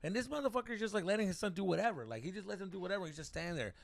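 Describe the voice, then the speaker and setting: A young adult man, a podcast host telling a story in a casual, animated way, swearing as he gets heated. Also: sits high, very fast, creaky, dry recording.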